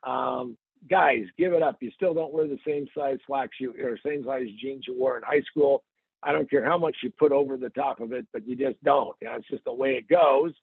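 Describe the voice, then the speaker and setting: Gravelly joking man on a tinny line. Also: medium pitch, fairly even intonation, normal speed, no room sound. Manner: joking storyteller with playful asides. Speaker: podcast host. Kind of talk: casual comic podcast chat.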